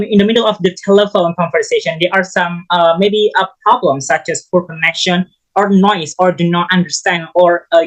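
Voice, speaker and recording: A man giving a recorded English lesson as a student teacher, halting and often restarting his phrases. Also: sits high, low-quality recording.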